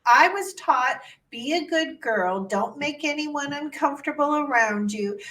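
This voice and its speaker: High-voiced woman host, off-mic. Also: expressive, unhurried, fairly bright tone, distant mic, slight background noise. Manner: enthusiastic, agreeing. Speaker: podcast host. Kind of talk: casual interview chat.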